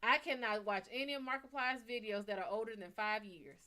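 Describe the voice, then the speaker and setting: A young woman with a Bayou accent, talking in a blunt, profane, animated way on a casual live stream. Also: a little fast. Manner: blunt, animated and profane, swinging from loud to low. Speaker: live stream reader and host.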